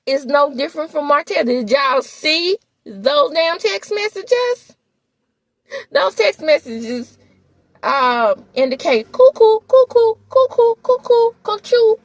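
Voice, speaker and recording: Sassy, lively woman gossip host. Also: high voice, dry recording. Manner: sassy, animated, talks straight to viewers. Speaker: gossip commentator. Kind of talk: casual reality TV recap.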